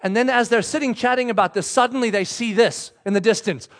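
A man preaching a sermon, telling the story with lively acted-out voices. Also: very high-pitched, fast. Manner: animated storytelling, acts out the characters' voices. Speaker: pastor.

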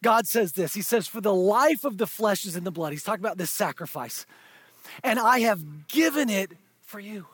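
A male pastor delivering a sermon in a strikingly high, breathy voice. He leans in with quiet, intimate asides, then builds to loud, drawn-out proclamations. The sound is close and dry, with no room echo. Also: expressive. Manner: swings from hushed, intimate asides to shouted, drawn-out emphasis.

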